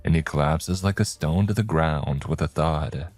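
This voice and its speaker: A man narrating a scripted horror story in a slow, measured way. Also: extremely low pitch, darkish tone, dry recording. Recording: faint background music.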